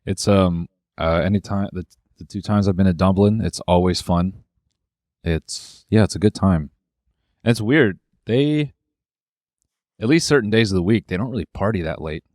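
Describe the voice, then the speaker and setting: A man's voice: sits low, normal speed, a little mellow, no echo, studio quality. A man co-hosting a comedy podcast, joking crudely and laughing often in casual chat. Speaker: podcast co-host.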